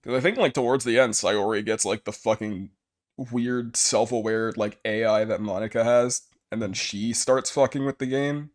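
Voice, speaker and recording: A man with a medium-pitched voice and fairly even intonation streams a visual novel at a moderate pace. In this casual let's play he reads the game's narration aloud and trades profane, crude jokes with a friend.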